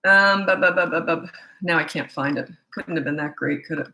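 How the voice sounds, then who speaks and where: A woman with a bright, forceful tone and a fairly low-set voice talks through parenting questions in a casual, chatty way. She is middle-aged and animated, and she slips into quoted voices when she retells things. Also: normal speed, a little hiss or hum, low-quality recording. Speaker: parenting coach answering questions. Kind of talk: casual advice chat.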